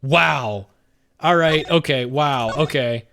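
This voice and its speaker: A young man streaming a game live, excitable and emotional, swearing often as he reacts. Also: mid-range voice, takes it slowly, gravelly, slight background noise.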